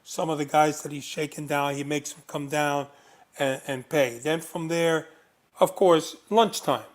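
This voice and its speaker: A man with a fairly high voice spins anecdotes as an interview guest. He talks in animated bursts, restarting lines and leaning on fillers. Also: measured pace. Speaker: guest, former undercover agent. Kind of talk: storytelling interview.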